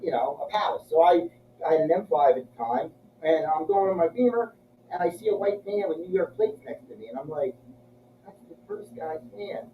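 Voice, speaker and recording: Guy swearing his way through a story, kinda high voice, far from the mic in an echoey room. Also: lively intonation, brisk, a little hiss or hum. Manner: crude, profane, acts out voices in his stories. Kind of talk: casual storytelling chat. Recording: echoey, muffled room from a distance.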